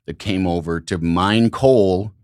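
A middle-aged man from Illinois, hosting a podcast and telling rambling, animated stories in casual conversation. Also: sits low, takes it slowly, no echo, studio quality. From Illinois, United States. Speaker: podcast host.

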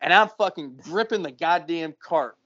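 A man's voice: a little high, normal speed. A man co-hosting a podcast, telling a long story in casual chat, cursing often and acting out the people in it. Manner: profane, animated storyteller. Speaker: podcast co-host. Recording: muffled lo-fi audio.

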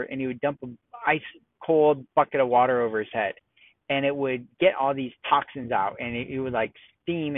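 A man with an average-pitched voice tells a long personal story in a loose, rambling way, full of fillers and restarts. He is talking from his car as he drives. The sound is thin and narrow, like it is coming over a phone line. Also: no echo. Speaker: podcast host. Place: car, driving. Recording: tinny phone-like audio.

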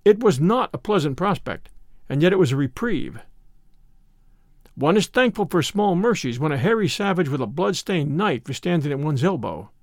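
A man narrating an audiobook in a measured, expressive storytelling way. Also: a little high, no room sound, clean studio sound.

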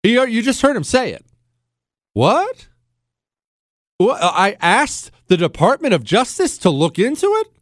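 A man's voice: high voice, big pitch swings, normal speed, few pauses, dry recording, clean studio sound. A middle-aged man hosting a podcast, delivering a heated, indignant commentary monologue full of rhetorical questions. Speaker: podcast host.

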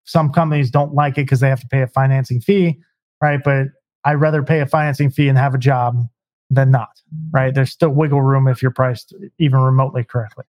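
A man's voice: mid-range voice, fairly even intonation, a little fast, a little mellow, dry recording. A man giving emphatic business advice in a podcast conversation, often tagging points with rhetorical questions. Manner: emphatic, rhetorical "right?" asides. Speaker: home service business consultant.

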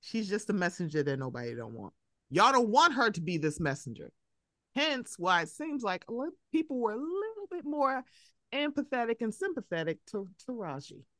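A young woman from Baltimore hosting a podcast, chatting casually and profanely, acting out quotes with animated energy. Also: medium pitch, moderate pace, no echo, clean studio sound. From Baltimore, USA. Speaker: podcast host. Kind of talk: casual chat. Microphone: podcast mic.

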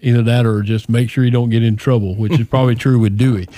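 A man's voice: medium pitch, steady tone, quick pace, dark tone. A male podcast host welcoming guests in casual, rambling chat full of restarts and jokes. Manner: rambling, joking, with many restarts.

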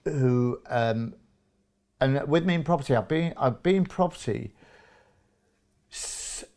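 A man's voice: mid-range voice, slow, a little mellow. A man in his fifties from England, a guest in an interview, chatting casually and acting out little dialogues with many restarts.

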